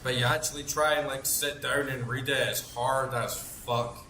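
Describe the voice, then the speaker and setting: A man's voice: medium pitch, steady tone, normal speed, pushed and bright. Man, thirties, gaming host, casual rambling chat, swears, echoey room, faint hiss. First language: English. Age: 30s. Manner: rambling, swears freely, many fillers. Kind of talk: casual chat while playing. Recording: roomy echo, faint background noise.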